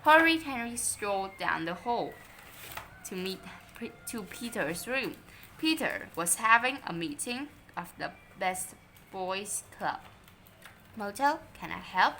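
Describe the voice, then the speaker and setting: Bright, slow woman reading a children's story. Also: mid-range voice, a little hiss or hum. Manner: expressive, unhurried read-aloud.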